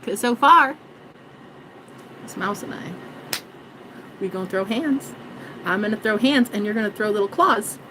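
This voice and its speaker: A woman's voice: medium pitch, unhurried, pauses often, background noise. A woman vlogging in a rambling, joking monologue, swearing and mocking herself. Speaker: spiritual vlogger.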